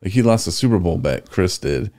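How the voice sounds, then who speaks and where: A man's voice: low voice, brisk. A man hosting a podcast, telling rambling stories in casual chat and acting out what people said. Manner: rambling, animated retelling with acted-out quotes. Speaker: podcast host.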